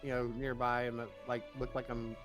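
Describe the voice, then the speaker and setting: A man's voice: mid-range voice, monotone, fairly quick, over music. A man playing in a tabletop game, rambling and offhand. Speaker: player. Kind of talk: tabletop role-play.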